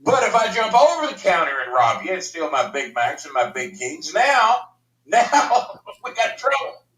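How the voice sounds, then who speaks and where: Loud cussing guy ranting through a story, bright lively voice, roomy sound from off mic. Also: high-pitched, moderate pace, far from the mic. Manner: loud, ranting, profane, laughs often. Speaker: storyteller guest. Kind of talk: profane comic storytelling.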